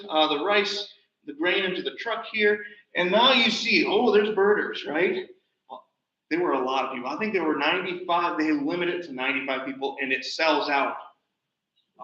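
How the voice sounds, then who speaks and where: Casting: male presenter, high and bright voice, chatty storyteller, roomy hall, distant muffled mic. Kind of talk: slide show talk. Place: nature center hall. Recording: roomy, distant, dull livestream audio.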